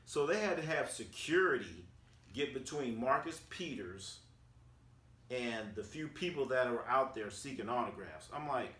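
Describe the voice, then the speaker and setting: A man from Oakland in a casual storytelling recap, animated and acting out quotes with slang. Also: medium pitch, unhurried. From Oakland, California, USA. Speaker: sports vlogger. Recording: roomy sound, distant from the mic.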